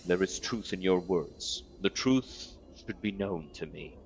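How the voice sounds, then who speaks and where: Man doing a grave stoic warrior. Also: a little hiss or hum. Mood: solemn. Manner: slow, low and solemn. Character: stoic grave male warrior, aloof and guarded. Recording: dull lo-fi sound, faint music.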